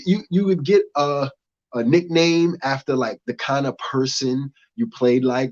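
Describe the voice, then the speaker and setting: A man's voice: mid-range voice, a little slow. A young American man doing a loose, punchy stand-up comedy set. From United States. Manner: loose, animated, punchy delivery. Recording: dull lo-fi audio.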